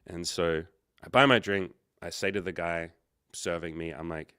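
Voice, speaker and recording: A man's voice: deep voice, fairly even intonation, moderate pace, bright, forceful tone, smooth, dry recording, clean studio sound. A man hosting a livestream, telling a story casually, rambling and correcting himself, with quoted dialogue. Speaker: livestream host and coach.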